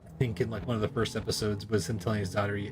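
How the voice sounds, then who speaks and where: A man's voice: fairly low pitch, flat delivery, racing, background noise. A man streaming a game, chatting casually in a rambling, profane way and laughing often. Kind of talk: casual chat while gaming.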